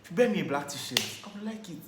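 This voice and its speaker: A young man casually telling his side of a couple's argument, expressive with bursts of laughter. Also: high voice, quick pace. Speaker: co-host of a couples channel. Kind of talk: casual chat. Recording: echoey room with faint hum.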